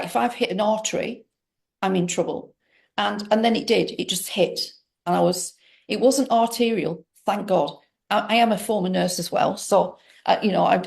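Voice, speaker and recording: A woman's voice: medium pitch, gravelly, darkish tone. A middle-aged woman telling a personal story to an interviewer in a rambling, emphatic way, full of restarts. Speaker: interview guest. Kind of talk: personal story told in conversation.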